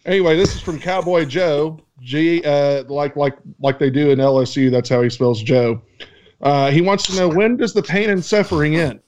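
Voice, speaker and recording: A man's voice: on the high side, normal speed, darkish tone. A man co-hosting a casual podcast, reading listener questions aloud with joking, profane asides. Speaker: podcast co-host reading mailbag. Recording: dull lo-fi audio.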